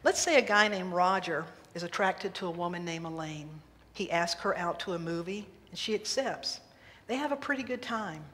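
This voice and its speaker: A woman minister preaching a sermon, telling a humorous story in lively fashion in a church sanctuary. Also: on the low side, normal speed. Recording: reverberant hall, faint noise.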